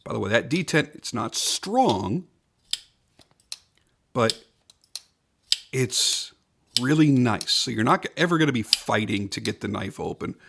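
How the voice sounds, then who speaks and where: Male product reviewer, mid-range pitch, casual and emphatic, leans on repetition. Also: lively intonation, a little slow, gravelly, long pauses, a bit bright. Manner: enthusiastic, emphatic, repeats points for stress. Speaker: knife reviewer.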